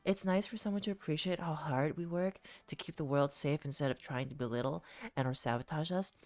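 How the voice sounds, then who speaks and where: A woman's voice: low voice, fairly quick, a little mellow, natural voice. A woman reading as a prim young witch. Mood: lecturing. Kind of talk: reading game dialogue aloud.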